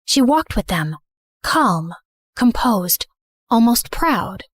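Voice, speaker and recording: Woman, first-person story narrator; a bit high, earnest, dry close recording. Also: very animated, slow, no room sound.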